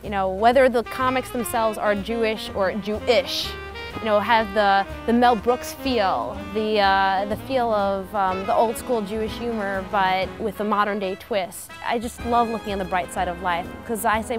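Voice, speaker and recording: A woman's voice: mid-range voice, normal speed, music in the background. A young adult woman cartoonist speaking in an interview, upbeat and earnest.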